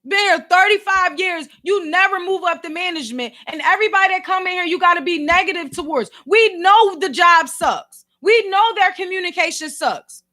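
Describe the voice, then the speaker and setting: Philly woman venting on her vlog, super high pitched voice, all fired up and slangy. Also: normal speed, few pauses. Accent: Philadelphia. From Philadelphia. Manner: exasperated, animated ranting full of slang. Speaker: vlogger and podcast host. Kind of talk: ranting commentary.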